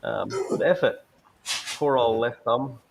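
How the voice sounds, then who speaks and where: A man's voice: medium pitch, expressive, takes it slowly, creaky, background noise. A man chatting casually, blunt and irreverent, with the occasional swear word. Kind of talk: casual chat.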